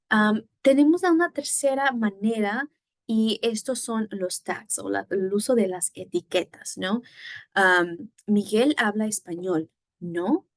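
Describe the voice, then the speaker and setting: In this recorded lesson, a woman with a medium-pitched voice and noticeable vocal fry teaches Spanish, mixing English and Spanish explanations. She frequently asks "right?", uses lots of fillers and restarts, and there's no echo.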